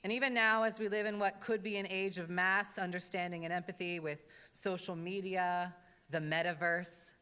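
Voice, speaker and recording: A woman's voice: on the low side, steady tone, moderate pace, pushed and bright, smooth. A woman drag entertainer giving a wry, earnest address with comic asides at a church service. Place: church sanctuary. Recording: reverberant church hall.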